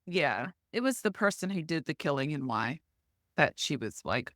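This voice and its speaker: A woman's voice: sits low, sing-song, normal speed, fairly bright tone, no echo, studio quality. A woman co-hosting a podcast, talking casually in a hesitant, self-conscious way that trails off. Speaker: podcast co-host. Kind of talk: casual chat.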